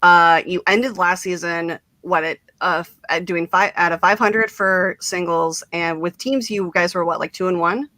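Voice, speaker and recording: A woman's voice: lowish voice, steady tone, normal speed, hardly any pauses, pushed and bright, dry recording. Woman, streaming host, bubbly storyteller, giggles a lot, dead-dry room. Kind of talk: casual interview chat.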